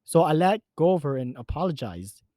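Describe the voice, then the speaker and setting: A man's voice: a little high, very animated, fairly quick, dark tone, dry recording. A man reading a first-person horror story in an earnest, emphatic way. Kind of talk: scripted narration of a horror story.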